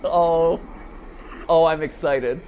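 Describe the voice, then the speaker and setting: A woman hosting a gaming show, giving excitable let's-play commentary, with lots of laughs and restarts. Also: sits low, takes it slowly, slight background noise.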